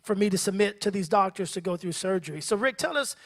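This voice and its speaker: A man's voice: sits high, animated, fast talker. A man serving as the pastor who hosts a church interview, speaking in a preacherly way and turning to the congregation. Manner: preacherly, addresses the congregation directly. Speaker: pastor hosting the conversation. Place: church sanctuary before a congregation.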